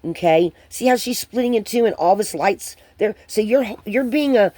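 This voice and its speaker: A woman giving a channeled spiritual card reading to viewers, hesitant and rambling with many pauses and restarts. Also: medium pitch, lively intonation, warm tone, dry recording.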